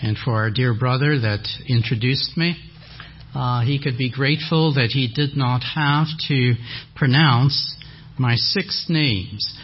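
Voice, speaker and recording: An older man with a French Canadian accent, whose first language is French, preaching a sermon slowly and deliberately with gentle humor. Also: mid-range voice, steady tone, breathy edge. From French-speaking Canada. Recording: dull lo-fi audio.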